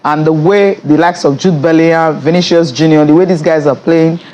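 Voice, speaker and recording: A Nigerian pundit on a studio sports panel, running through football analysis at a brisk clip. A faint hum of room ambience sits behind the voice. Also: mid-range voice, steady tone, a little mellow, muffled recording.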